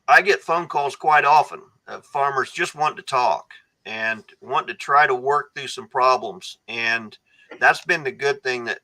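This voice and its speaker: A man's voice: mid-range voice, bright, forceful tone, poor audio. A man speaking as a guest on a podcast, an earnest storyteller who often restarts his sentences. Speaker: guest, foundation founder. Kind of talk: casual podcast conversation.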